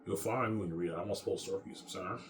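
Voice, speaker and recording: Man in his thirties, bitter profane rant, rapid talk, lowish voice. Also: noisy background. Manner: rambling, profane, bitter ranting. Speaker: vlogger. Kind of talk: casual rant to camera.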